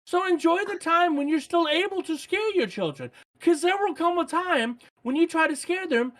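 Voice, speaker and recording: A man's voice: extremely high pitch, normal speed, fairly bright tone. A man guesting on a podcast in casual chat, joking in a playfully over-the-top way.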